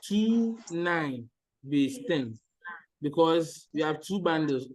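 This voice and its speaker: Patient male maths teacher, higher voice. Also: expressive, slow pace, darkish tone, low-quality recording. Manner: patient, repeats steps and checks understanding. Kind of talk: online maths lesson.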